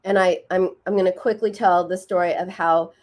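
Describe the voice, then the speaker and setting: A woman's voice: on the low side, fairly even intonation, normal speed, a little mellow. A middle-aged woman hosting a radio advice show, explaining patiently and acting out quoted dialogue. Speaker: radio show host and therapist.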